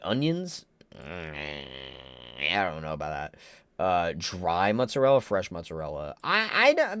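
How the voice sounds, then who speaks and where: A man's voice: on the low side, clean tone, no echo. A young man chatting casually on a live stream, rambling, stammering and joking bluntly as he reacts to viewers. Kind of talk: casual livestream chat.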